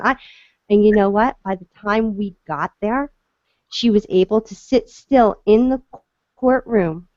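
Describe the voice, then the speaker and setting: A middle-aged woman talks through a personal story in an earnest, unpolished way, often restarting her sentences. Her voice sits at an ordinary pitch. The audio is dry and a little dull, like a lo-fi call. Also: a little mellow, no echo. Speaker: guest speaker, court advocate. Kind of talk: casual storytelling talk.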